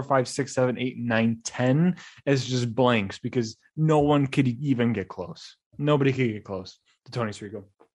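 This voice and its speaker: A young man hosting a podcast, telling casual stories in a rambling, animated way with frequent restarts. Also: mid-range voice. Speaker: podcast host. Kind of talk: casual monologue.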